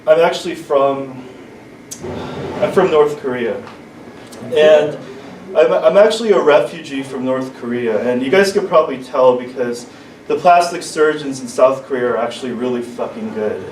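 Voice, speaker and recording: A man's voice: medium pitch, a little mellow. A man performing a stumbling open-mic stand-up set in a small comedy club, restarting his sentences often. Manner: halting, stumbling delivery with many restarts. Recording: echoey club, distant mic, room noise.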